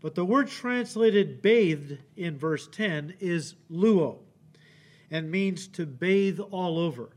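A man preaching a verse-by-verse sermon from the pulpit. His voice sits fairly high for a man, and he brings the scripture quotes to life as he reads them. He checks in with the congregation often. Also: slow. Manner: animated, acts out quotes, frequent "okay?" check-ins. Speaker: pastor. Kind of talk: expository sermon. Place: church sanctuary.

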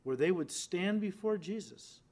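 A man delivering a sermon in a voice pitched a little above the usual for men. He hits key words hard and lets his phrases sink to quiet, low endings. He speaks straight to his listeners and acts out the lines he quotes. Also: animated, measured pace. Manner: emphatic, swings from loud stresses to quiet low endings. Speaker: preacher.

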